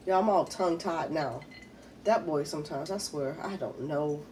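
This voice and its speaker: A woman's voice: sits low, moderate pace, darkish tone, far from the mic, a little hiss or hum. A woman, chatting casually while eating in a mukbang video, a little congested from a head cold. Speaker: mukbang vlogger.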